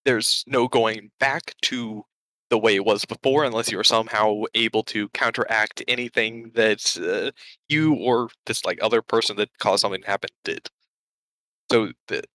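A man with a lowish voice co-hosts a podcast, chatting casually at a normal speed with a sharp tone. He rambles hesitantly, leans on lots of fillers, and runs short of breath, all in low-quality audio.

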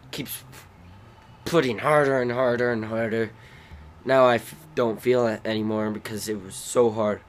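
A man hosting a podcast, telling rambling, animated stories about his family. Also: mid-range voice, a little hiss or hum. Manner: rambling, animated, bursts into loud acted shrieks. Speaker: podcast host. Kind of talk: casual storytelling.

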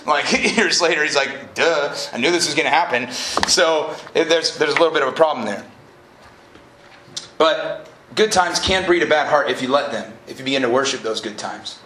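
A man preaching a lively, casual sermon to a college group, joking and then rising to emphatic peaks. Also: on the high side, moderate pace. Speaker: pastor. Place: college event hall. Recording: live room echo, faint noise.

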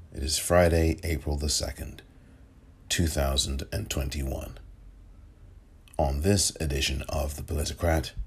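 A man hosting a political commentary podcast, measured and rephrasing himself as he goes. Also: a bass voice, husky. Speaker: podcast host.

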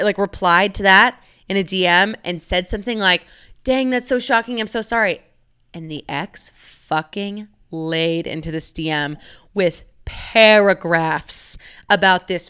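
A woman's voice: medium pitch, a bit bright, clear, resonant tone. A young woman hosting a solo podcast, chatting casually with lots of fillers, swearing and giggles as she tells a story. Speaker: podcast host.

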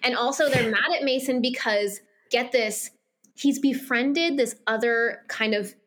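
A woman's voice: on the high side, steady tone, a little slow, fairly bright tone. A woman co-hosting a podcast, recapping a romance novel scene by scene in casual chat, quoting the characters' lines and laughing often. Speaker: podcast co-host. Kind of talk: casual book-club chat.

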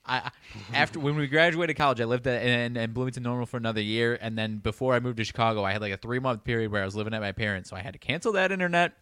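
A young man hosting a podcast, rattling along at a quick clip with frequent false starts. His voice sits mid-pitch, and the sound is dry and close with no echo. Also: a bit bright, smooth. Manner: quick, chatty, stumbling restarts. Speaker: podcast host. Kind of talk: casual chat.

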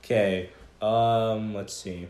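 A man's voice: fairly low pitch, steady tone, slow pace, a little mellow. A young man co-hosting a podcast, telling rambling stories and swearing a lot in casual chat. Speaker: podcast co-host. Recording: echoey room.

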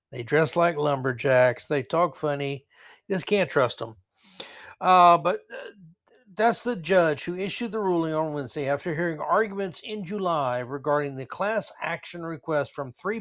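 A man's voice: a little high, fairly bright tone. A man hosting a solo opinion podcast, ranting sarcastically and hammering his key words. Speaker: podcast host.

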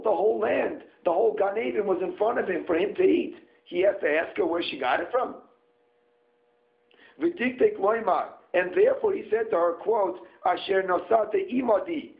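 A man's voice: high-pitched, gravelly. A man giving a Torah study lesson, reading Hebrew phrases aloud and translating them into English line by line. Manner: reads Hebrew text then translates phrase by phrase. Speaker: Torah teacher. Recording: tinny phone-like sound.

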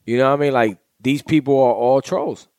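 A man's voice: mid-range voice, a little fast, darkish tone, no echo, studio quality. A man hosting a casual podcast chat with friends, laid-back and steering the talk. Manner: laid-back, wraps up the show. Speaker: podcast host.

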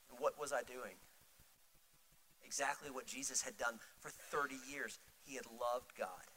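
A middle-aged male pastor preaching a sermon, swinging from loud, urgent pleading to soft, intimate storytelling. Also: fairly high pitch, brisk, a little hiss or hum, poor audio.

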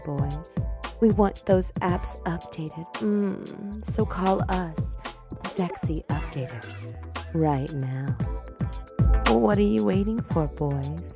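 A woman voicing a sultry saleswoman in a comedy fake ad, talking low and slow with a seductive purr. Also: vocal fry, exaggerated voice. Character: sultry woman pitching a fake phone service.

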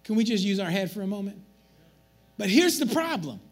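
A pastor delivers a brisk sermon in church, his high, breathy and husky voice rising and falling widely. Faint music sits beneath him as he animatedly jokes with the congregation.

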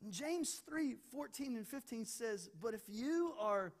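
Male pastor, sermon delivery, animated, joking asides, repeats words for build. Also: extremely high pitch, unhurried.

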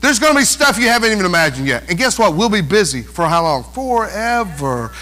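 Male pastor, high voice, preaching a lively sermon, often drops into mocking whiny impressions. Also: brisk. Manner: animated preaching, mimics whiny voices, calls for amens.

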